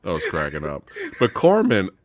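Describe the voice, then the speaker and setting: A man hosts a casual film discussion, telling scenes with animated energy and plenty of swearing. His voice swings widely in pitch. The recording is dry and close, with no room sound. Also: normal speed, no room sound. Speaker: host.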